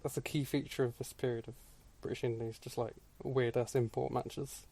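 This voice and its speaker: A man's voice: medium pitch, little pitch movement, moderate pace, creaky, darkish tone. A man co-hosting a podcast, making dry, wry remarks with stammered restarts. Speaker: podcast co-host. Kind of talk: casual chat.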